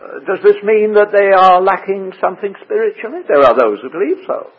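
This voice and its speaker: A man teaching through a Bible passage verse by verse, measured and full of rhetorical questions. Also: sits high, lively intonation, slightly rough. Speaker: preacher. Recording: tinny phone-like radio broadcast.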